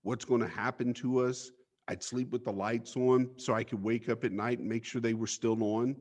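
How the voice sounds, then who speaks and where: A man's voice: medium pitch, fairly even intonation, normal speed, a little mellow. A man as an interview guest, telling his life story bluntly, with swearing and stammered restarts.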